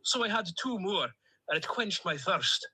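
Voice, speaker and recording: A man's voice: sits high, expressive, moderate pace, a crowd in the background, poor audio. A man voicing a chatty plastic male duck with a Stornoway accent, who tells long, jolly, rambling stories in a comic voice-note monologue. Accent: Scottish, Stornoway.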